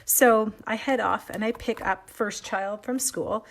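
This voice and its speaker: A woman's voice: medium pitch, a little slow, vocal fry. A middle-aged Canadian woman rambles cheerfully through a live stamping class, often breaking off for side stories. She sounds a little under the weather, and faint noise sits behind her voice. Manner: chatty, rambling, self-interrupting. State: sick, coughing. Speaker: stamping demonstrator. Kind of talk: live craft demo with chatty stories.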